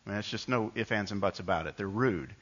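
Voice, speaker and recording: A preacher from New York delivers a sermon, telling stories casually and restarting his sentences as he goes. His voice is bright and forceful. The recording is a little dull and lo-fi. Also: fairly low pitch, fast, slightly rough. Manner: conversational storytelling with frequent restarts. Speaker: pastor.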